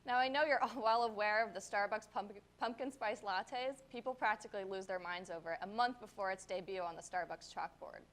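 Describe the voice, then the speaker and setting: A woman's voice: medium pitch, fairly quick, hardly any pauses, a bit bright. A young woman presenting a scripted segment, upbeat and chatty. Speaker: segment reporter.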